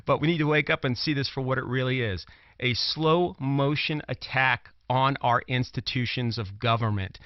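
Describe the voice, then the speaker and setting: On a political commentary talk show, a man from Brooklyn, New York, a commentator and former prosecutor, argues with emphasis and keeps repeating phrases. He has a mid-range voice and moderate pace, heard in dull, dry lo-fi audio without room sound.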